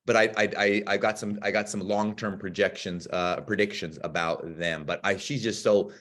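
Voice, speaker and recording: A man co-hosting a podcast in casual chat, excitable and quick to swear, acting out his own reactions. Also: on the low side. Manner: excitable, rapid bursts, swears, acts out yelling. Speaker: podcast co-host.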